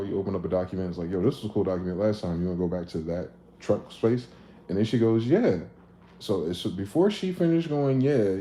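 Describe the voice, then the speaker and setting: Casting: man, low, mellow voice, loose profane livestream rant in an echoey room. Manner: animated, profane, acts out both sides of conversations. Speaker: livestream host. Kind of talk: casual livestream monologue. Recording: echoey room with faint ambient noise.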